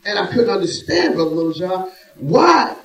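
A man preaching a sermon in a church, swinging between hushed, drawn-out phrases and loud emphatic bursts. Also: high voice. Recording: echoey room, voice from a distance.

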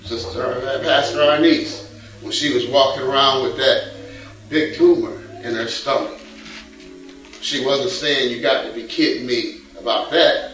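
Slow-preaching pastor in an echoey church. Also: male voice, medium pitch, fairly bright tone. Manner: folksy preaching, repeats a catchphrase, reads scripture aloud. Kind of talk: sermon. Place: church sanctuary. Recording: echoey church hall from a distant mic with faint music.

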